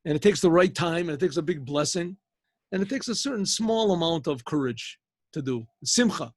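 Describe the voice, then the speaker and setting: An older man, a rabbi, telling a rambling, animated story over a video call. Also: on the high side, brisk, slightly rough, no room sound.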